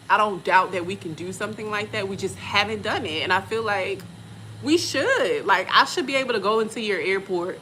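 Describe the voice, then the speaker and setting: A woman's voice: mid-range voice, sharp tone, a little hiss or hum. A woman in her forties from Texas, telling travel stories in casual, slangy chat and laughing often. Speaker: vlogger and respiratory therapist.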